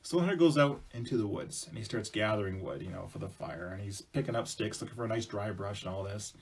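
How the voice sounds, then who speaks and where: A man's voice: fairly low pitch, fast, husky. A man telling a folk tale to a school audience in a casual, chatty way with asides to the listener. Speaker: storyteller presenting to schools. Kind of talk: casual oral storytelling.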